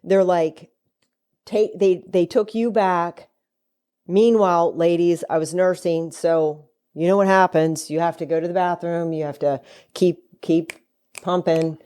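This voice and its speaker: A woman's voice: steady tone, measured pace, dark tone, clear, resonant tone. A middle-aged woman and mother, telling a long story in casual chat and acting out what people said. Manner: chatty, acts out quoted speech with shifting pitch. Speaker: guest, host's mother.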